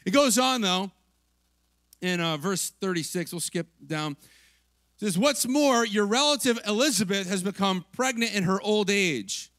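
High, bright-voiced chatty male pastor. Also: expressive, a little slow, no room sound. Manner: chatty, lots of "like" and "right?", acts out quotes with laughs. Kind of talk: casual conversational sermon.

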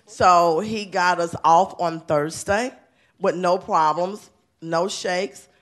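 A woman's voice: on the low side, steady tone, slow. Enthusiastic woman principal presenting awards. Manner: enthusiastic, chatty, laughing often. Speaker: elementary school principal. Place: city council chamber.

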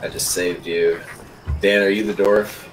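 A man joining friends on voice chat for a game, relaxed and friendly. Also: low-pitched, unhurried, background noise. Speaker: player. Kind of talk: casual gaming chat over voice chat.

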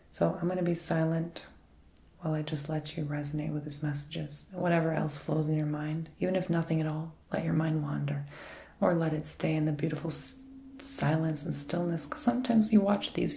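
Gravelly soft-whispering man, ASMR healer. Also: fairly high pitch, roomy sound. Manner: soft, mostly whispered, meandering and reassuring. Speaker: ASMR Reiki healer and tarot reader. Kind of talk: ASMR healing session.

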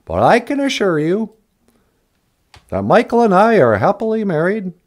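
A man doing an impression of a former male president, speaking slowly and deliberately with pauses between words. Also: sits high, huge pitch swings, heavily acted. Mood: solemn.

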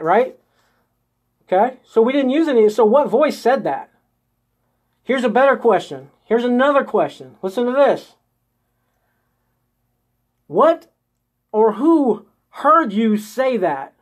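A man's voice: extremely high pitch, darkish tone. A man leading a live-streamed spiritual coaching session. He talks his viewers step by step through an inner exercise and keeps checking in with a coaxing "okay?" or "right?" every few sentences. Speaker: host of a live group session.

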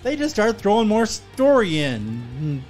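A man's voice: sits high, huge pitch swings, a little slow, loud music behind the voice. A man reviewing a film on a podcast, laid-back and jokey in casual chat.

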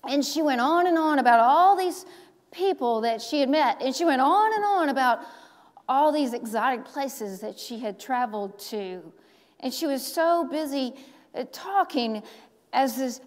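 A woman pastor preaching a sermon, telling a story slowly with dramatic pauses. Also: high voice, a little mellow. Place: large church sanctuary. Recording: long church hall reverb.

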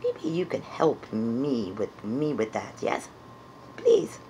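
A woman's voice: extremely low pitch, huge pitch swings, slow pace, warm tone, a little hiss or hum, pitched below the performer's own voice, heavily acted. A woman voicing a shy blue furry puppet creature, unsure and playful as she searches for its voice in improvised comedy.

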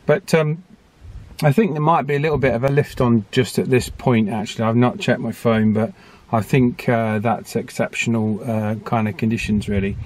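A man hosting a radio hobby vlog outdoors on high ground, chatting in a relaxed, thinking-aloud way. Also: moderate pace. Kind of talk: casual vlog narration.

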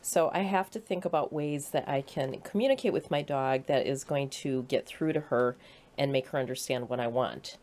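A woman giving a patient, clear presentation to children about how animals learn. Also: extremely low pitch, moderate pace, a little mellow. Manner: clear, patient explaining with playful acted quotes. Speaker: humane society educator.

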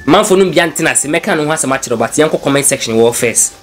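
A man's voice: on the high side, expressive, quick pace, soft background music. A man with a Ghanaian accent hosting a news blog show, chatting casually and switching freely between English and Twi.

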